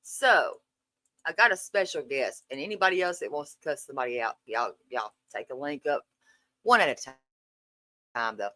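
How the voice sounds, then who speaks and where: A woman's voice: rumbling low, animated, normal speed, bright, forceful tone, dry recording. A woman hosting a casual live stream, greeting viewers in a sassy, profane, playful way. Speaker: livestream host. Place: dark room at home.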